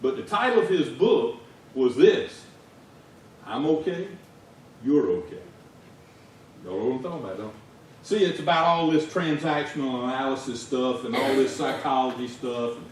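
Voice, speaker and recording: A man's voice: mid-range voice, lively intonation, brisk, a little hiss or hum. A man with a Southern US accent preaching a folksy, conversational sermon as a lay preacher. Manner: folksy, conversational, rising to shouts in stories. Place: church sanctuary. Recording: echoey church heard from far off.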